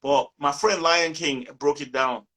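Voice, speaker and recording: A man from Nigeria, a musician guest in a casual interview, telling lively stories and acting out quotes. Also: fairly high pitch, unhurried.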